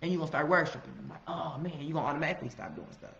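Cussing preachy woman vlogging, bright voice, echoey room. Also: low-pitched, expressive, racing, vocal fry. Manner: profane, preachy, loud emphatic outbursts. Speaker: motivational vlogger. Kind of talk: casual motivational monologue. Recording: roomy, slightly muffled recording.

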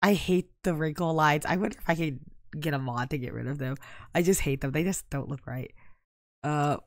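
A young woman giving casual gameplay commentary, exasperated and prone to loud outbursts. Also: low voice, moderate pace, no room sound, studio quality. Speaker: gaming YouTuber.

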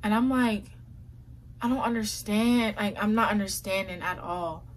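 A woman's voice: mid-range voice, moderate pace, slight background noise. A young woman vlogger telling a story to camera in a casual, chatty way, full of fillers. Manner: chatty, many "like" fillers, quotes others in her own voice.

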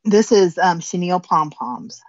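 A woman's voice: fairly low pitch, lively intonation, measured pace, no room sound, dull audio. A woman with a southern Indiana accent, chatting folksily as she demonstrates a finishing technique step by step. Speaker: guest crafter demonstrating finishing. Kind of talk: casual demonstration chat.

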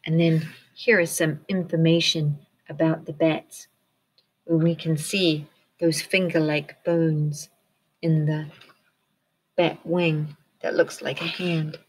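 A woman's voice: low-pitched, level tone, slow, slightly rough. A woman teacher reading a picture book aloud to children, encouraging them and asking them questions. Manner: encouraging, asks the listeners questions.

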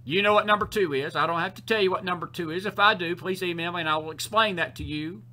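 A man's voice: high-pitched, fast talker, pushed and bright. A man with a Southern US accent preaching a sermon, emphatic and fond of repeating his key phrases, with sarcastic asides to the congregation.

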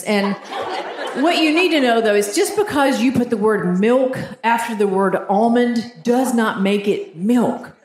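A woman's voice: a little high, measured pace. A woman in her fifties doing a stand-up comedy set in a theatre, telling stories and acting out the voices of her family. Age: 50s. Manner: animated storytelling with acted-out voices. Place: theatre stage before a live audience. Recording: roomy live theatre sound with audience noise.

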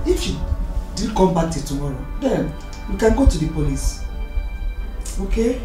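A woman's voice: lowish voice, big pitch swings, moderate pace, music in the background. An actress playing a firm, dismissive woman friend.

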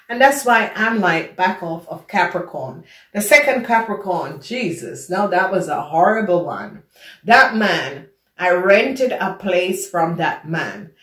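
Emphatic woman. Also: medium pitch. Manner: emphatic, repeats phrases for stress. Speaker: tarot reader. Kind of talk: casual storytelling monologue. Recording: echoey room.

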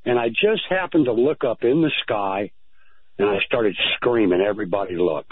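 Male radio caller, halting storyteller, heard over a tinny phone line. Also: mid-range voice, sing-song, husky, no room sound. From United States. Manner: halting, repeats words. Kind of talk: phone-in account.

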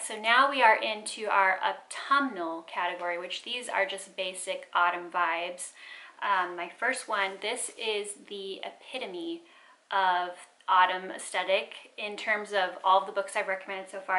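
A woman's voice: medium pitch, fairly even intonation, moderate pace, pushed and bright, low-quality recording. A woman book vlogger chatting casually and enthusiastically about books she loves, sometimes correcting herself mid-sentence. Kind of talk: casual chat.

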